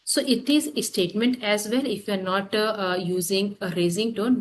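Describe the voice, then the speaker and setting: Woman teacher in a classroom, halting, keeps repeating words, bit of faint noise behind. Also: mid-range voice. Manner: halting, repeats terms, fills gaps with "that is". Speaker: French teacher. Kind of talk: classroom lesson. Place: classroom with students.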